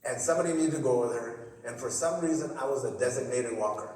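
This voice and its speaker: A man's voice: medium pitch, quick pace. Man telling stories in an echoey theater. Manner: animated, repetitive, acts out voices. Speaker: forum speaker. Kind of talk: personal storytelling speech. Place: college theater stage. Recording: echoey theater hall, distant mic.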